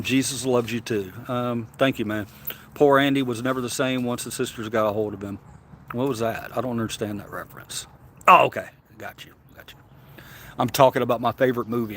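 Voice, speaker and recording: Slight background noise accompanies a medium-pitched man hosting a relaxed livestream. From Tennessee, with a Southern accent, he chats, replies to comments, wanders off topic and stammers as he restarts sentences.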